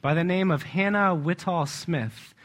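In a conversational sermon, a man with a slightly high, fairly bright voice speaks unhurriedly. He leans hard on certain words and often breaks into a chuckle.

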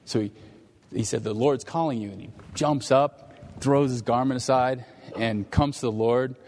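A man's voice: mid-range voice, fairly even intonation, moderate pace, a little mellow. A man preaching a sermon in a conversational way, acting out the disciples and Jesus in quoted dialogue. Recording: long hall reverb.

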